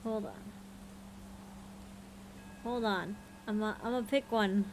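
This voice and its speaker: A woman's voice: mid-range voice, slow pace, slight background noise, poor audio. A woman hosting a livestream, reading spooky stories aloud and breaking off for frank, profane chat while she has the hiccups and feels tired. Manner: frank and profane, with laughing asides. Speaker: livestream host.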